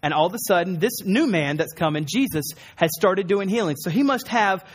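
A man's voice: high voice, expressive, a little fast, breathy edge. A man in his thirties preaching an earnest sermon in a church, acting out quoted lines and building up emphasis. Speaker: pastor.

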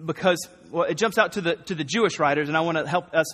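A man preaching a conversational, animated sermon, often acting out the voices of the people he quotes. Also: on the high side, fast, long reverb tail.

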